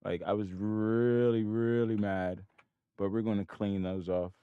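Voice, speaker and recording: A man's voice: on the low side, unhurried, clear, resonant tone, no echo, narrow, tinny audio. A man streaming his day trading, swearing at himself, lecturing viewers, and muttering to himself between trades. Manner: profane, self-critical, talks to himself; excitable outbursts between mumbled asides. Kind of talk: live trading commentary.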